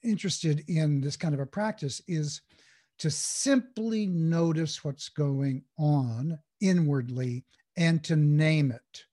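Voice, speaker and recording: A man's voice: on the high side, slow pace, dark tone. A man guesting on an interview show, explaining mindfulness in a thoughtful, conversational way with frequent restarts. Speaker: guest, mindful communication coach.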